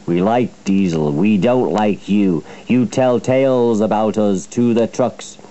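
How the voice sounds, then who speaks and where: A man's voice: on the low side, a little slow, dark tone, muffled recording, lightly acted. A man voicing a group of huffy, sulking male steam engines who speak in an indignant, hissing way.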